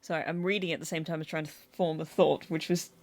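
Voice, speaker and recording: Chatty woman, lowish voice. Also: fast talker. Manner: animated, acts out quotes with laughs. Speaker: podcast guest host. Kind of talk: casual podcast chat.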